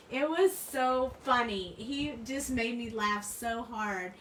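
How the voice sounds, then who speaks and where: A woman's voice: on the high side, expressive, takes it slowly, a bit bright, slight background noise. Chatty woman crafter in an echoey room. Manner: chatty, rambling, laughs often. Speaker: crafting channel host. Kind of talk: casual chat while crafting. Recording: roomy room, mic at a distance.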